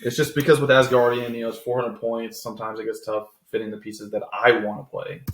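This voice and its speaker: A man chatting casually while drafting teams for a tabletop game, relaxed and a bit halting. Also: mid-range voice, slight background noise, low-quality recording. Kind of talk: casual chat.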